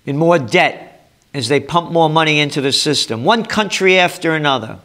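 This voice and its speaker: An older man with a thick New York accent delivers a ranting commentary, sarcastic and emphatic. His voice sits a bit high and sounds bright and forceful, hammering each point home. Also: lively intonation, normal speed. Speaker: trend forecaster.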